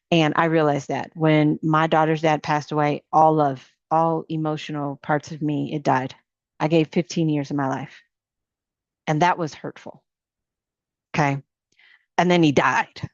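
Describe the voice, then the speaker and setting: A middle-aged woman with a lowish voice preaching to women in an informal coaching sermon, pressing her point through repeated rising questions. The recording is dull and dry, with little room sound and a lo-fi edge. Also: flat delivery, unhurried, dry recording. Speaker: ministry coach.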